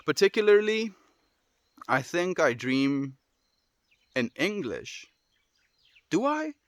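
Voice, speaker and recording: A man with a South African accent, chatting casually and gently with viewers on a livestream, often trailing off softly at the ends of phrases. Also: fairly high pitch, expressive, slow pace, pauses often, no room sound. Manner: gentle, affirming, soft trailing endings.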